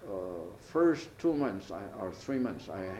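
An older man, a retired professor whose first language is Chinese, recalls his past in an oral history interview, speaking haltingly with many hesitations and restarts and switching into Chinese. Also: fairly low pitch, very animated, darkish tone. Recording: roomy, dull archival tape with faint hiss.

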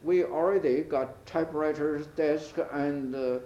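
Older man telling old stories, halting and dark-voiced. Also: on the high side, steady tone. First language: Chinese. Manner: halting, many hesitations and restarts, switches into Chinese. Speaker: interviewee, retired professor. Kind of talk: oral history recollection. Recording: roomy, dull archival tape with faint hiss.

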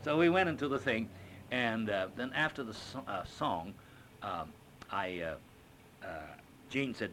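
An older man and stage actor, recounting an anecdote in an interview as an animated storyteller who acts out quotes with frequent fillers. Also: on the low side, measured pace, pauses often, a little hiss or hum.

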